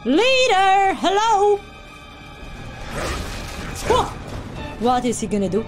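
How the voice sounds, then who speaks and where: A woman gaming YouTuber giving loud, excitable let's-play commentary, yelping, laughing and chatting with her viewers. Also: extremely high pitch, slow, pauses often. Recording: game music playing underneath.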